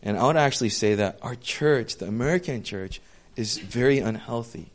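A man's voice: mid-range voice, normal speed. A young adult man preaching as a pastor in a casual, candid, self-deprecating way, speaking to the congregation as friends. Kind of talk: casual sermon.

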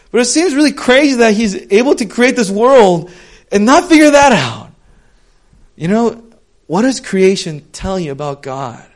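A young man giving a casual, conversational sermon, telling stories with lots of "um" and "like". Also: very high voice. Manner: chatty, many fillers like "um" and "like", animated storytelling. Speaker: preacher.

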